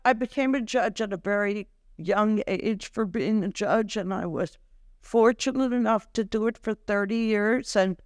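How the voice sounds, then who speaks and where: An older woman, a former judge, explaining court practice in a measured, deliberate way as a podcast guest. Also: medium pitch, no room sound, clean studio sound. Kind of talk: podcast interview.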